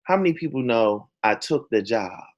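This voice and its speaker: A man telling a personal story to an audience as a motivational speaker, animated and dramatic. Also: medium pitch, normal speed, muffled recording.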